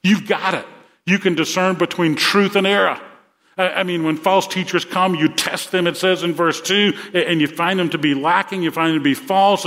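A man's voice: high-pitched, normal speed, bright, forceful tone. A male pastor preaching a sermon to his congregation in earnest, repeating words as he builds to rousing emphasis.

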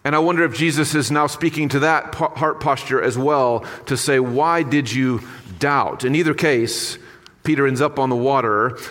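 A man's voice: mid-range voice, a bit bright, big-room sound. A man preaching a sermon in an earnest, conversational way with casual asides. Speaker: pastor.

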